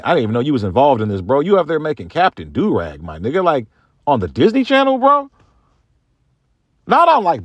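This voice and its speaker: Guy from the states ranting on his own show, blunt and slangy, voice sits a bit high and swings all over, dry close sound. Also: no room sound. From United States. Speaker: show host. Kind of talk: opinion commentary monologue.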